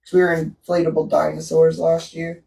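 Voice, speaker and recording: Gravelly, mellow vlogger telling a story. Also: medium pitch, monotone, normal speed, slight background noise. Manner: chatty storytelling, quoting others. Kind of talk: casual chat. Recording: distant from the mic.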